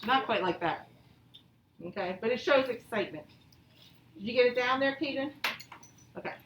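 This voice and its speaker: A woman teaching a grammar lesson to young pupils, patient and encouraging, reading example sentences out slowly. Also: on the high side, animated, a bit bright, slight background noise. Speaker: elementary school teacher. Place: classroom, also streamed to pupils at home. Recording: echoey classroom from far off.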